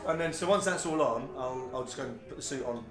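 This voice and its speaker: A man's voice: mid-range voice, fast talker, loud music behind the voice. A man in his forties, a tribute performer, chatting in a documentary interview with lots of fillers and restarts. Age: 40s.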